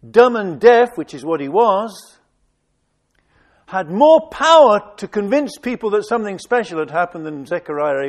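A man with a high voice delivers a sermon at an unhurried, measured pace. He reads scripture aloud with dramatic emphasis and pauses for reflective asides. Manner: slow, deliberate reading with dramatic emphasis and asides. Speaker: preacher. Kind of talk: sermon reading and expounding scripture.

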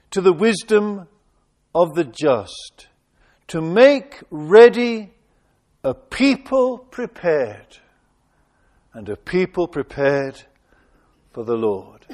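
A man's voice: sits high, lively intonation, slow, long pauses. A man preaching a sermon, reading scripture with dramatic emphasis and breaking off for asides.

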